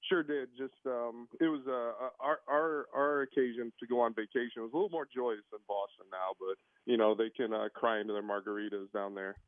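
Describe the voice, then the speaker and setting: A man calling in by phone, his voice thin and squeezed by the line. He talks in a relaxed, chatty way and gets animated when he picks a game apart. The sound is dry, with no room behind it. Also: mid-range voice, brisk, hardly any pauses, no echo, narrow, tinny audio. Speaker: basketball coach, guest. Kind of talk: casual phone-in chat.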